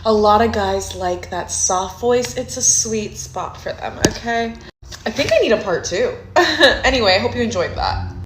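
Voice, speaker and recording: A woman's voice: mid-range voice, sing-song, moderate pace, slight background noise. Woman, sassy advice-giver, instructive and confident; echoey room recording. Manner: sassy, instructive, ends points with "okay?". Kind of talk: casual advice talk to camera.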